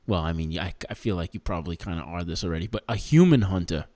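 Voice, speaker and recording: A man's voice: low voice, fast talker. A man with a Canadian accent chatting casually on a podcast, joking around and laughing often. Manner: laughs often, jokey and animated, lots of fillers. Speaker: podcast co-host.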